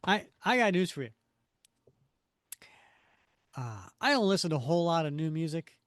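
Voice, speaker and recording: A man's voice: fairly high pitch, sing-song, normal speed, fairly bright tone, no echo, studio quality. A man in his fifties co-hosting a podcast, chatting casually and reading comic panels aloud, rambling and correcting himself. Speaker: podcast co-host.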